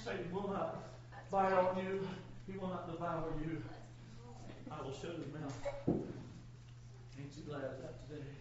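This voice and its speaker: A man preaching a fervent sermon to a responsive congregation, his voice going hoarse, with frequent "uh" fillers between phrases. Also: a little high, little pitch movement, measured pace, pauses often, noisy background. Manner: impassioned, with frequent "uh" fillers and call-and-response pacing. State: losing his voice. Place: church sanctuary. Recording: lo-fi echoey church from far off. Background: congregation calling out amens.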